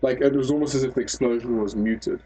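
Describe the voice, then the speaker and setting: Husky man rambling through a review. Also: mid-range voice, fast talker, rough recording. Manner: rambling, animated storyteller with frequent restarts. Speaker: podcast co-host reviewing anime. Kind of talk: casual review chat.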